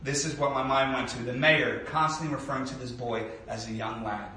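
Pastor, man, 30s, relaxed conversational sermon with fillers, bright tone, distant mic in a reverberant church. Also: medium pitch, a little fast, slight background noise. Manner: conversational, with frequent fillers and restarts; animated storybook reading voice. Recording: echoey room, speaker away from mic.

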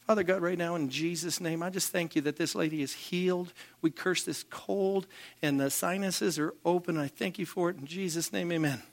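A man preaching a sermon as pastor, animated and calling out to the congregation for responses. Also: on the high side, brisk.

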